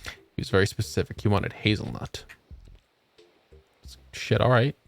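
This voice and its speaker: Tired from a long shift at work, a young man casually chats while gaming on stream, relaxed, joking and cursing. He speaks low and steady, a little slowly, with vocal fry, over soft background music.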